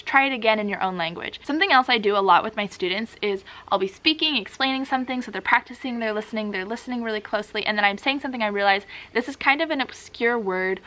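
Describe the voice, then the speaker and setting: A woman's voice: fairly high pitch, bright, forceful tone. A woman who teaches languages, giving advice to camera in an upbeat, encouraging way and now and then acting out little exchanges with her students. English is her first language.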